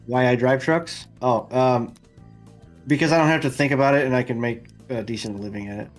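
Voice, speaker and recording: Male podcast guest, truck driver; relaxed, easygoing, ordinary pitch. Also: a little fast, faint music behind. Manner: relaxed, easygoing, laughs along. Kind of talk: casual chat.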